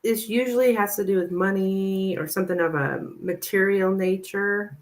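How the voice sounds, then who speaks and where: A woman's voice: medium pitch, fairly even intonation, normal speed. A woman giving a live tarot reading, chatting with viewers and thinking aloud with lots of "like.". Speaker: tarot reader.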